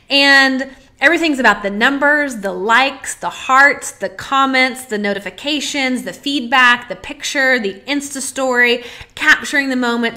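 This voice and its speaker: Earnest bright-voiced woman podcaster. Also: a little high. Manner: earnest and emotional, building to pleas. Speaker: podcast host. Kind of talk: personal monologue.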